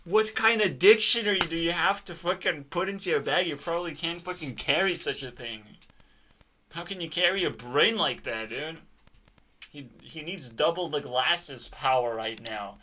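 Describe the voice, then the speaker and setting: A man's voice: a little high, moderate pace, sharp tone, a little hiss or hum. A man giving a profane, mocking reaction commentary, ranting and laughing often. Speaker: channel host reacting to a video.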